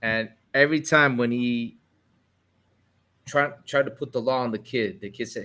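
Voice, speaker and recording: A man telling a story in casual chat, animated, acting out the people in it. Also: mid-range voice, normal speed, pauses often. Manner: animated storyteller, acts out voices.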